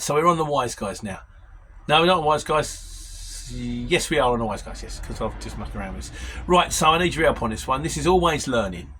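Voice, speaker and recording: In a casual Q&A chat, a man reads out viewer comments and answers them in a rambling, opinionated way. His mid-range voice is a bit bright with a breathy edge.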